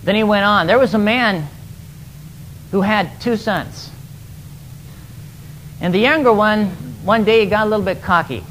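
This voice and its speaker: A man's voice: sits high, unhurried, long pauses, a bit bright, slight background noise, poor audio. A man preaching, retelling a parable emphatically and often repeating words as he goes. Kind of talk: sermon storytelling.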